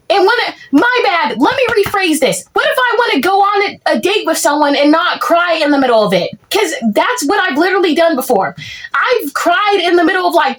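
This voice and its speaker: A young woman with a strikingly high voice rants through a comic monologue. She rambles and vents in exasperation, piling on filler words as she goes. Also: a bit bright. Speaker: content creator. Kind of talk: comedic POV rant monologue.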